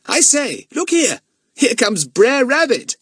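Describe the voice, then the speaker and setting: A man's voice: extremely high pitch, very animated, slow, fairly bright tone, slightly rough, dry recording, studio quality, voice pushed up, exaggerated voice. A man voicing a cheeky, blunt teenage boy in a storybook. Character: cheeky boy with a parrot, young teen.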